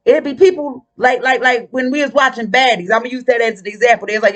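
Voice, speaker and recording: A woman's voice: fairly high pitch, fairly even intonation, fast talker, few pauses, fairly bright tone. A woman vlogger ranting in a casual monologue, blunt, profane and combative.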